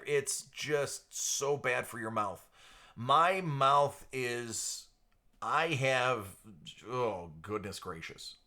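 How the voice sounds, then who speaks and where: A man chatting casually on a live stream, projecting into a studio microphone in a radio-ready way. His voice is bright and forward, and his pitch sits in an everyday middle range. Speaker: live stream card breaker host. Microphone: entry-level studio microphone.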